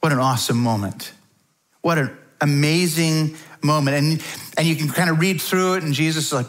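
A middle-aged man preaching a sermon to his church in a relaxed, conversational way, with frequent fillers. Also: on the high side, a little fast, low-quality recording. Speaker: pastor.

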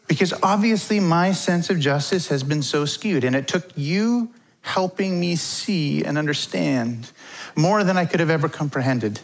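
A man's voice: on the high side, animated, moderate pace. A middle-aged man preaching a conversational sermon as pastor, informal and chatty. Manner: informal, chatty, acts out quotes.

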